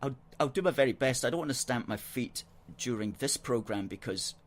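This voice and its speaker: A man hosting a political call-in show, arguing his points in a measured, earnest way and reading out viewer comments on a studio microphone. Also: medium pitch, lively intonation.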